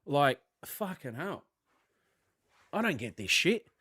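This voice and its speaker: An Australian man hosting a live football fan stream, chatting loosely with viewers, blokey and sweary, thinking out loud. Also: fairly high pitch, sing-song, takes it slowly, husky, dry recording.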